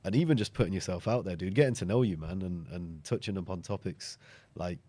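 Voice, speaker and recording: Guy hosting a podcast over a video call, lowish voice, chatty, keeps repeating himself. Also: brisk, dark tone. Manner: chatty, upbeat, lots of fillers and repeats. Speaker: podcast host. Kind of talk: casual video interview.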